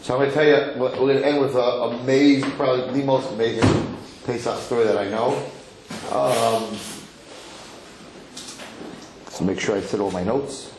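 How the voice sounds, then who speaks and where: A man giving a lively Torah lecture as a rabbi, emphatic and given to repeating words as he builds to a story. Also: medium pitch, normal speed, pauses often. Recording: roomy hall with faint noise.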